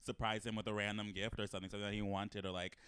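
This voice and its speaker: A man's voice: on the low side, flat delivery, very fast, fairly bright tone, clear, resonant tone, no room sound. A man co-hosting a podcast in casual chat, joking playfully and laughing often. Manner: giggly, playful banter. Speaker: podcast co-host.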